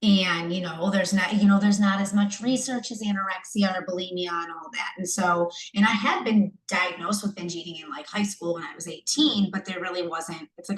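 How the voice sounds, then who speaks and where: A young pregnant woman from the United States, in her third trimester, talks fairly quickly with few pauses in a voice on the low side. She's a coaching client giving a candid video-call testimonial, emotional and rambling, with many fillers and restarts. The room is echoey and the recording rough.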